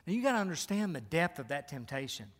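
A male pastor with a fairly high, bright voice preaches a sermon very animatedly and fast, emphatic and repetitive, firing off rhetorical questions. He's in a church sanctuary, and the recording carries a long hall reverb.

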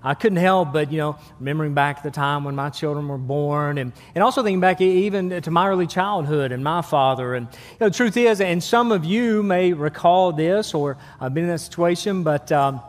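A male pastor preaching a casual, halting sermon with frequent restarts, asking the congregation for amens. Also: a little high. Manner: conversational, many restarts, calls for amens. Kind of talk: sermon with humor and prayer. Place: church sanctuary. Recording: long church hall reverb.

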